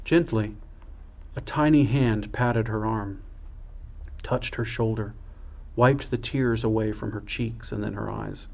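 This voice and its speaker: Slow-reading priest telling a story. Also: male voice, on the low side, fairly even intonation, vocal fry, a little mellow, dull audio.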